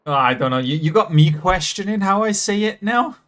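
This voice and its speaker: A British man streams a game and chats casually with his viewers, laughing easily and correcting himself as he talks. His voice sits high and is expressive, a bit bright, and fairly quick.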